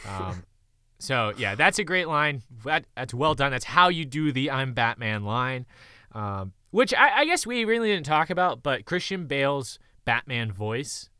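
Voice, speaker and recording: A man in casual conversation about a movie, animated and quick to laugh. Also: medium pitch, smooth, no room sound.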